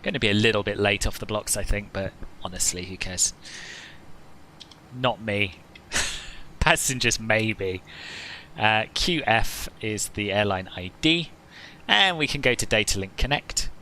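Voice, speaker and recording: A man's voice: on the low side, animated, a little slow, bright, forceful tone, slight background noise, low-quality recording. A man chatting casually as he streams a flight simulator session, joking with viewers and often laughing at himself. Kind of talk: casual live-stream commentary.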